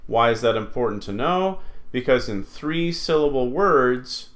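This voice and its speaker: A man teaching an online Latin lesson, explaining slowly and patiently with many fillers. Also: mid-range voice, animated, fairly bright tone.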